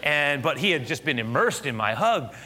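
A middle-aged male pastor with a bright, forward voice, preaching to his congregation. He tells stories in an animated way and then settles into steady teaching. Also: fairly high pitch, moderate pace. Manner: animated storyteller, laughing and loud at punchlines. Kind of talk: sermon with personal story.

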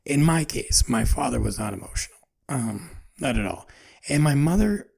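A man in his forties talks through his feelings in a loose, earnest ramble, circling back on himself as he searches for words. His voice is rough and gravelly, with a husky edge on it. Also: mid-range voice, animated, moderate pace, darkish tone. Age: 40s. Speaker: podcast host. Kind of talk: personal reflective monologue.

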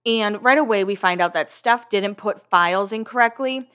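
A woman with a fairly bright, mid-range voice and moderate pace hosts a casual recap podcast. She rambles chattily through the story, leaning on fillers and dropping the occasional swear word.

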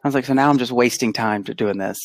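A man co-hosting a podcast, telling an animated, casual story and acting out the quotes. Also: mid-range voice, quick pace, no echo. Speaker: podcast co-host; pediatric physical therapist. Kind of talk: casual chat.

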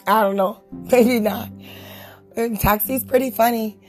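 A woman's voice: fairly high pitch, steady tone, measured pace, faint music behind. A woman hosting her own podcast late at night, sleepless and chatting casually while she keeps breaking into helpless giggles. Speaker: podcast host. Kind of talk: solo podcast chat.

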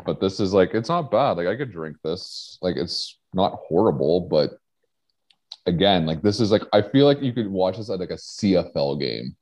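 A man's voice: sits low, big pitch swings, normal speed, a little mellow. A man from Eastern Canada co-hosting a casual beer review, loose and joking as he rambles. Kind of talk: casual chat.

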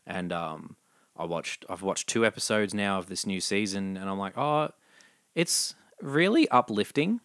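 A man's voice: low voice, moderate pace, clear, resonant tone, no room sound, studio quality. A man co-hosting a casual chat, telling stories with lots of energy, swearing and laughing. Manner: animated storyteller, swears, laughs easily. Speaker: podcast co-host. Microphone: studio microphone up close.

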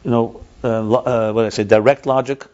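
Man, teacher, text class, reads passages aloud then explains, repeats points, mid pitch, muffled lo-fi sound. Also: fairly even intonation, brisk, a little mellow. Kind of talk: text study lesson. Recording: dull lo-fi recording.

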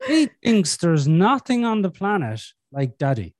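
A man's voice: sits high, very animated, measured pace, darkish tone, no room sound, clean studio sound. A man, telling stories about his kids in casual podcast chat, swearing freely and acting out quoted voices. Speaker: podcast guest, father. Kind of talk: casual conversational storytelling.

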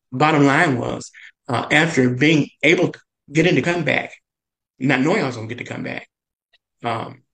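A man telling a personal story in earnest, his voice carrying a gravelly edge. He pauses often on "and, uh" as he goes. His pitch leaps up when he quotes other people. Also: fairly bright tone, low-quality recording. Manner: halting, many "and, uh" fillers. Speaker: guest chef.

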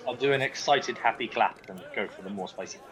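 A man's voice: fairly low pitch, a little fast, a bit bright. A man playing a tabletop role-playing game, tossing in wry jokes. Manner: wry, joking asides.

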